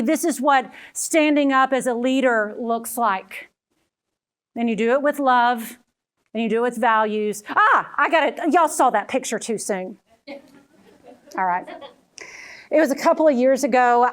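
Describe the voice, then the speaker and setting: A middle-aged woman giving a motivational talk, telling personal stories and calling the audience "friends.". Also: high-pitched. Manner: storytelling, addresses audience as friends. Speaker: keynote speaker.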